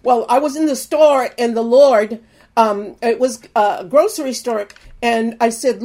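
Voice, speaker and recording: A woman's voice: on the high side, unhurried, mellow. An older woman preaching, telling an earnest personal testimony and exhorting her listeners.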